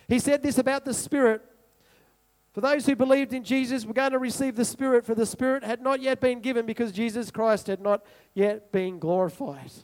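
A man preaches with an unusually high-pitched voice. He repeats key phrases for emphasis and keeps asking the congregation questions as he works through scripture. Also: darkish tone. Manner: repetitive rhetorical preaching, asks the congregation questions. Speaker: pastor. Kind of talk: sermon.

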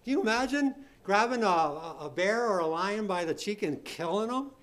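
High-voiced man preaching a sermon. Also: lively intonation, normal speed, fairly bright tone. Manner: reads scripture aloud with rising emphasis; asks the listeners rhetorical questions.

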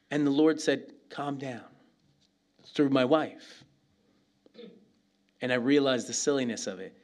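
A middle-aged man from New York City, preaching a sermon full of humorous stories, laughing often and asking "right?" again and again. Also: mid-range voice. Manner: animated, laughs often, asks "right?" constantly. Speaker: pastor.

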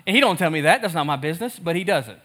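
High, bright-voiced pastor preaching casually. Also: male voice, very fast, slight background noise. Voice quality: lively storytelling, acts out both sides of conversations. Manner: casual and conversational, laughs at himself. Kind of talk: sermon.

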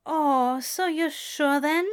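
A woman's voice: sits high, slow, voice pushed up. A woman voicing a bubbly female plant-shop owner in a story reading, gushing and cooing. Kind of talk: audiobook character voice.

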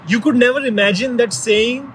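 A man's voice: very high-pitched, normal speed, a little hiss or hum, poor audio. A man in casual conversation, telling a story in a rambling way with many restarts.

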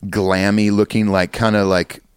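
A playful man from Southern California chats on a podcast, laughing easily and swearing casually. His voice is on the low side. He is recorded close, with a dry sound and no room echo. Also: level tone, a little slow, smooth. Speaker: podcast co-host. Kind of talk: casual chat, reading listener emails.

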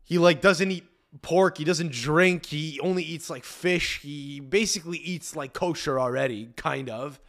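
A man's voice: fairly high pitch, a little slow, a bit bright. A man hosting a comedy podcast, ranting in a rambling, profane way with lots of fillers and restarts. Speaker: podcast host.

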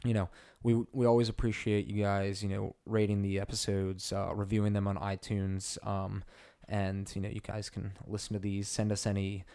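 Gravelly, dark-voiced male podcast host. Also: fairly low pitch, monotone, normal speed, hardly any pauses. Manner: loose, filler-heavy delivery with many "you know"s. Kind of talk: casual chat.

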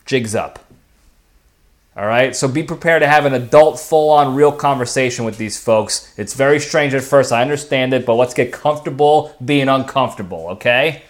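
A man's voice: on the high side, normal speed. Chatty man giving casual advice. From lives in Texas. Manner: chatty, keeps checking in with okay and all right. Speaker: podcast host. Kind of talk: casual solo monologue.

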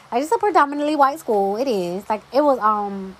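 A woman's voice: sits high, lively intonation, fairly quick, hardly any pauses, a bit bright, a little hiss or hum, low-quality recording. A young adult woman hosting a solo podcast, talking casually with emphatic, exasperated asides. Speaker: podcast host.

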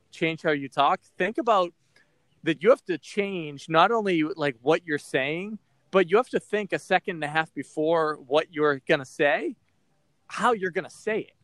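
A man's voice: fairly high pitch, a bit bright, no echo. A man from Boston hosting a podcast, talking candidly and rambling with lots of fillers. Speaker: podcast host. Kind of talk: casual podcast chat.

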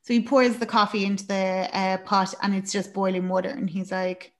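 A woman's voice: medium pitch, flat delivery, normal speed. A woman co-hosting a podcast, casually recapping a film with plenty of fillers and acted-out quotes. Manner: chatty, lots of fillers, acts out character lines. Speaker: podcast co-host.

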